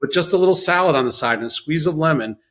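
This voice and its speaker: A man's voice: a little high, quick pace. A man from the New York area, a chef guest telling stories in a casual chat and acting out quotes. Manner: storytelling, animated, acts out quotes.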